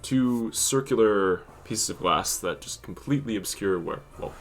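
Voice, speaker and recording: A man playing a tabletop game, describing a character's look in halting detail. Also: on the low side, animated, faint music behind. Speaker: player. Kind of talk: tabletop role-play.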